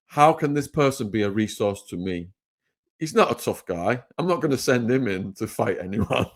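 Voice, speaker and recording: An English man telling vivid stories as an interview guest, animated and often laughing. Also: medium pitch. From England. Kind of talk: storytelling interview.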